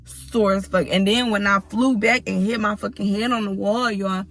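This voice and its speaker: A woman's voice: mid-range voice, fairly even intonation, normal speed, a bit bright. A woman in her thirties telling a personal story to her viewers in a blunt, profane, casual way, often turning to address them directly. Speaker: storytime vlogger.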